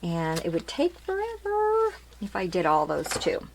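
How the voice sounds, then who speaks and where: A woman's voice: mid-range voice, wildly swooping pitch, measured pace, slight background noise. A woman hosting her craft channel, chatting casually as she shows ribbons one by one and keeps asking if they're cute. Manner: chatty, repeats details, asks "aren't they cute?". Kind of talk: casual product show-and-tell.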